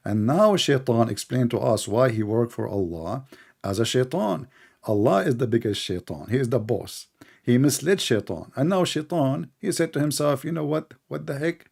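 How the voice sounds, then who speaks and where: Man, gravelly voice, foreign accent, mocking debater, keeps interrupting. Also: medium pitch, lively intonation, a little mellow. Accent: non-native English. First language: not English. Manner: mocking, interrupting, slows down to explain. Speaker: Christian debater. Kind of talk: heated online debate.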